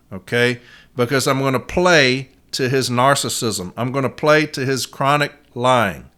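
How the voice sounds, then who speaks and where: A man's voice: medium pitch, unhurried, pushed and bright. A man hosting a podcast, telling a story in a casual monologue and acting out the quotes, with frequent "uh" fillers. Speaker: podcast host, union advocate.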